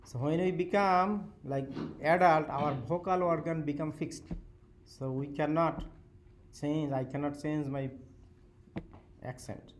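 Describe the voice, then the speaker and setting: A man's voice: a little high, steady tone, takes it slowly, slight background noise. A male professor, not a native English speaker, lecturing a class in simple English and often checking in with "okay?". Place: lecture hall.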